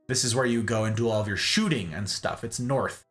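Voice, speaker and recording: A man's voice: lowish voice, a little fast, soft background music. A man hosting a stream, telling a story casually and animatedly, often tagging lines with "okay?". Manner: animated, rambling, keeps asking "okay?". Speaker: streamer host.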